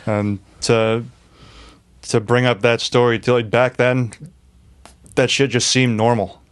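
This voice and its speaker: A man, sitting as a guest on a podcast, spins a rowdy tale in loose, profane chat. He laughs through his own story and pitches his voice up whenever he quotes someone. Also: level tone, takes it slowly, clear, resonant tone. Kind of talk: casual storytelling.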